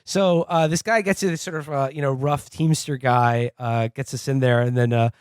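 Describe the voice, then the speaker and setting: A man's voice: medium pitch, fairly even intonation, normal speed, clear, resonant tone, no echo. A man co-hosting a podcast in casual comedic chat, rambling with lots of fillers and laughing often. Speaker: podcast co-host.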